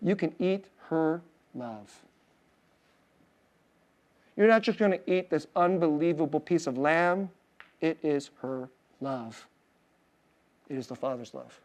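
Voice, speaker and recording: Korean-American pastor telling a warm story. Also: male voice, high voice. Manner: conversational, personal storytelling with frequent soft laughs and filler "like"; drops to a hushed, tender voice on emotional points. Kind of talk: sermon.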